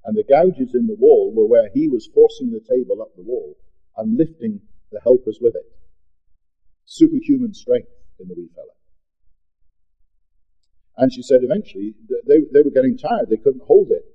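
A man's voice: medium pitch, sing-song, moderate pace, long pauses, breathy edge. A middle-aged man from the UK, preaching a sermon and telling a story in an earnest, plain-spoken way with asides. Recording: dull lo-fi recording.

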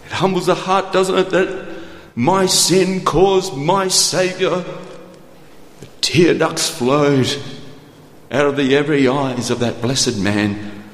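A man preaching a sermon in an earnest, tender way, dropping to slow quiet lines and then hurrying through asides. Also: a little high. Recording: echoey hall.

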